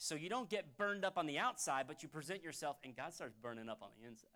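A pastor delivering a sermon in church, talking conversationally and fervently, dropping to a hush and then rising loud again. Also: male voice, fairly high pitch, lively intonation, fast, hardly any pauses. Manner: fervent, conversational preaching that swings from hushed to loud.

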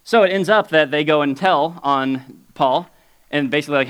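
Preaching casually, as if in conversation, this man of the cloth moves at a moderate, smooth pace. His delivery jumps from booming, high exclamations to hushed, low remarks, with chuckles often dropped between his points.

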